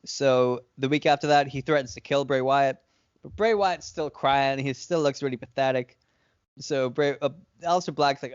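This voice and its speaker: A man with a smooth, clear voice at a middle pitch, rambling through a story on a podcast with plenty of "like"s and swearing. The recording is dry and a little dull. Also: moderate pace, dry recording. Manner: rambling, filler-heavy, profane retelling. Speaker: podcast co-host. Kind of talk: casual fantasy-booking storytelling. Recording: dry, slightly dull lo-fi sound.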